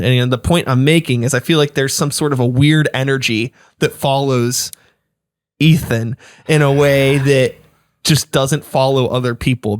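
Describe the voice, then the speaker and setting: A man with a mid-range voice muses aloud. His chat is casual, and he wanders toward his point as he thinks. He sounds reflective and unhurried about his ideas. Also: medium pitch. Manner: rambling, thoughtful musing. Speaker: podcast guest.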